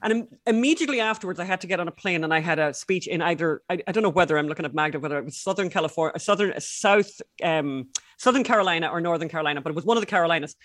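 A woman hosting a podcast in casual chat, telling stories in an animated, rambling way full of restarts. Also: on the low side, racing, no room sound, studio quality. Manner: chatty, restarts a lot, animated storytelling. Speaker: podcast host.

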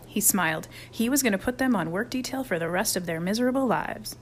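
A woman narrating a children's chapter book in a lively, expressive reading. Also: medium pitch, brisk, few pauses, slight background noise. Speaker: audiobook narrator. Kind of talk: storybook narration.

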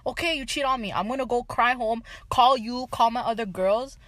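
A woman's voice: a little high, normal speed, fairly bright tone, no room sound. A woman co-hosting a casual chat, sassy and dramatic as she tells stories, swearing freely. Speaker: podcast co-host.

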